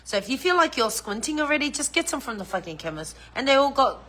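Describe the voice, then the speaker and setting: A woman's voice: high-pitched, big pitch swings, fast, bright, forceful tone. A middle-aged woman, chatting casually on a livestream, laughing often and swearing freely. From New Zealand. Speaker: livestream host.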